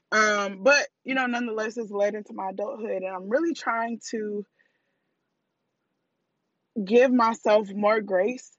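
A woman's voice: on the high side, fairly bright tone, dry recording, dull audio. A woman hosting a casual solo podcast, talking candidly and playfully in slangy speech straight to her listeners and laughing at her own jokes. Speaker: podcast host.

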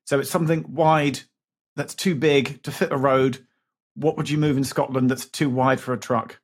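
Husky man reasoning aloud. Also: medium pitch, little pitch movement, moderate pace. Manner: thinks aloud, reasons step by step. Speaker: podcast panelist. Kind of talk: casual podcast chat.

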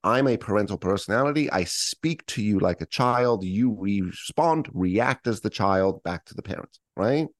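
A man's voice: fairly low pitch, lively intonation, normal speed, few pauses, no echo, studio quality. A middle-aged man coaching in a podcast interview, explaining with acted-out examples and frequent "right?" tags. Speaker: podcast guest, leadership coach. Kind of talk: conversational interview.

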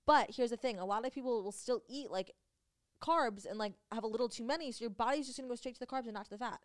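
Fast, smooth-voiced young woman chatting. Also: a little high. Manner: chatty, filler-heavy, breaks into laughter. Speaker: podcast co-host. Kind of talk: casual chat.

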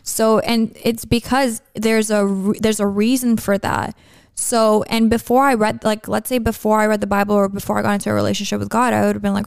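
A woman's voice: medium pitch, little pitch movement, fast, gravelly, clean tone, no echo, clean studio sound. A young woman hosting a podcast, chatting in a rambling, earnest way about her faith and daily life. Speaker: podcast host. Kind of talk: casual podcast chat.

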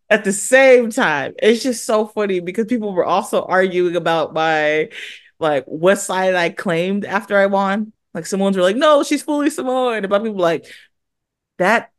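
A young woman tells stories with energy and slips into other people's voices as she quotes them. The studio sound is close and dry, with no room echo. Her pitch sits in the middle. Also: normal speed. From born in Hawaii, raised in California. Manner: animated storyteller, acts out quoted voices. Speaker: guest athlete. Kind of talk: casual interview chat.

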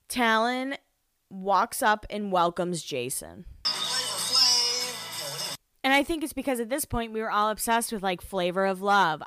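A woman's voice: mid-range voice, a bit bright, clean tone, no room sound. A young woman hosting a podcast, recapping a reality show in casual chat, giggly and full of "like" fillers. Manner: chatty, giggly, lots of "like" fillers.

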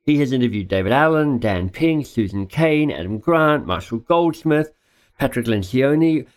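A man's voice: mid-range voice, lively intonation, normal speed. A man hosting a podcast interview, enthusiastic and joking in casual chat. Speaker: podcast host.

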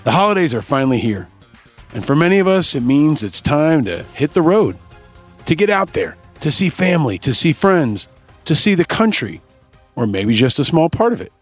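A man's voice: a little high, very animated, moderate pace, faint music behind. A man hosting a podcast, delivering scripted, sarcastic and pointed political commentary. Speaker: podcast host.

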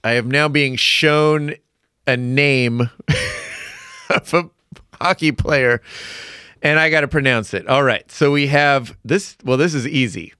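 A man's voice: on the high side, huge pitch swings, slow, long pauses, sharp tone, clear, resonant tone, no echo, clean studio sound. A man hosting a casual podcast chat, joking and exclaiming as he tries to say hard names. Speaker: podcast host.

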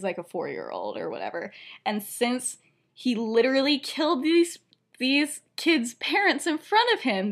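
A young woman co-hosting a podcast, casually retelling a fan story with lots of fillers, giggles and quick quoted lines. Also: mid-range voice. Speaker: podcast co-host.

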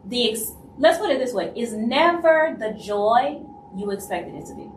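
A woman from Louisiana with a Louisiana Southern accent, hosting a live stream in casual talk and acting out other people's lines in quick asides. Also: fairly high pitch, lively intonation, a little hiss or hum. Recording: roomy echo, voice from a distance, faint ambience.

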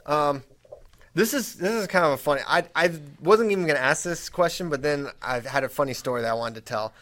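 A man's voice: fairly high pitch, fairly quick. A man hosting a podcast, chatting casually and telling stories with lots of restarts. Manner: lively storyteller, restarts a lot. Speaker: podcast host. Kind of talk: casual chat and storytelling.

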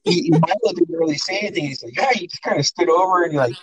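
A man's voice: on the high side, animated, fast talker, husky, low-quality recording. A young adult man hosting a podcast, telling family stories in a casual, profane way and often laughing. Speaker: podcast host.

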